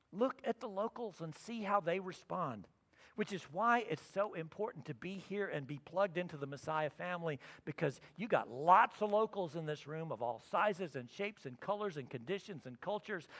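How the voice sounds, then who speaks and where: A middle-aged pastor preaches to his congregation, his voice high and swinging widely in pitch as he acts out his own thoughts in a personal story. He moves from loud and emphatic to soft and quiet. A long reverb from the church sanctuary hangs on his words. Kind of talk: sermon.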